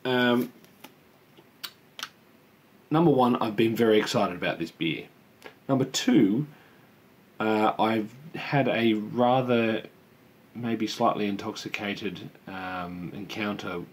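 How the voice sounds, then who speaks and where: A young man casually chatting and rambling as he tastes and reviews a home-brewed beer. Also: lowish voice. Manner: chatty, rambling, self-deprecating. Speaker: homebrew reviewer. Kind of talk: casual beer tasting vlog.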